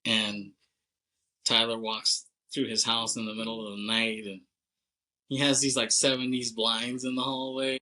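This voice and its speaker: Man, podcast co-host, bright sharp timbre, casual movie recap, chatty, laughs, swears. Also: medium pitch, level tone, a little slow, rough recording. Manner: loose and chatty, heavy on "like", laughs often, swears.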